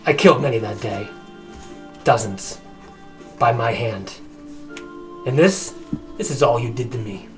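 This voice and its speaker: A man puts on a grim, scarred paladin with a Scottish accent, slow and full of threat. The voice sits a little away from the mic, with faint music behind. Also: mid-range voice, far from the mic, lightly acted. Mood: menacing. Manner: menacing, slow and deliberate.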